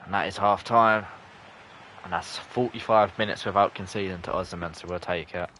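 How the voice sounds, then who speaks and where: A young man, streaming live, commenting on the match and chatting with viewers, breaking into shouts at close chances. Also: sits low, steady tone, normal speed, slight background noise. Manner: chatty, bursts into shouts at near misses. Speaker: gaming streamer. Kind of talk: live gameplay commentary and chat reading.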